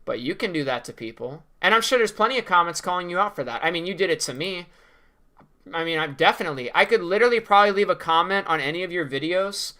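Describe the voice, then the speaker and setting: A man's voice: high voice, expressive, fast talker, bright, forceful tone. A young man ranting in a commentary vlog, sarcastic, profane and mocking. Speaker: video creator.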